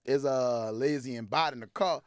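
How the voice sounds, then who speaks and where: A man telling a story as a podcast guest, animated, acting out quoted lines loudly and laughing as he goes. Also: mid-range voice, moderate pace, heavy background noise. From Texas. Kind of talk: casual storytelling. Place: podcast studio.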